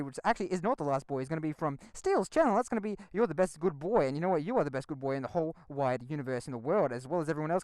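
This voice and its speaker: A young man talks very fast in a goofy, playful vlog. He rides a motorcycle and reads out viewer comments, and he keeps repeating silly catchphrases. His voice sounds dry and close, with no room around it. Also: fairly high pitch, darkish tone, clear, resonant tone, no room sound. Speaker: motorcycle vlogger. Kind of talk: casual vlog narration.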